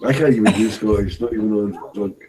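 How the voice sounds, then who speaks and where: A man's voice: fairly low pitch, brisk, background noise. Crude, joking man on a livestream. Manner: crude, profane joking banter. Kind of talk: casual livestream chat.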